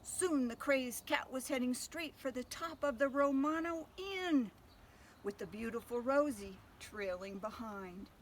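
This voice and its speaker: An older woman reading a picture book aloud to children, gentle and pausing to ask them questions. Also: high voice, a little hiss or hum. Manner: gentle, asks listeners questions. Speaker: storyteller.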